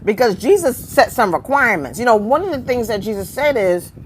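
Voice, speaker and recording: A woman's voice: fairly high pitch, big pitch swings, fairly quick, a little hiss or hum, low-quality recording. A woman preaching informally on a live stream, firing rhetorical questions at her viewers and repeating phrases for emphasis.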